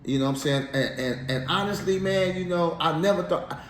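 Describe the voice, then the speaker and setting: A man telling his life story in a casual interview, animated and slangy, laughing as he goes. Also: a little high, fairly quick. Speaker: interview guest. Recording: echoey room, faint background noise.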